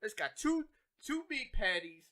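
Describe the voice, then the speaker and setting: A man co-hosting a casual podcast, ranting with animated energy, lots of profanity and slang. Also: high-pitched, a little slow. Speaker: podcast co-host. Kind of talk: casual chat.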